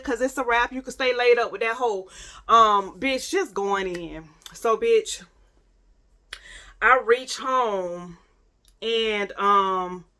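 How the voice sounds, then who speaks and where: A woman with a bright, forceful voice tells a personal storytime straight to her viewers. She talks candidly and swears freely. She restarts her sentences often and breaks off to address the audience. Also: a little high. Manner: candid and profane, with frequent restarts and asides to viewers. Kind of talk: casual storytime monologue.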